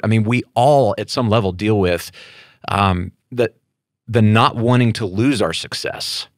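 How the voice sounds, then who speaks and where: He is a middle-aged man with a fairly low voice who hosts the interview in a thoughtful, earnest way, restarting phrases as he works out his point. The recording is close and dry. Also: measured pace, no echo. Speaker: interview host. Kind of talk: conversational interview.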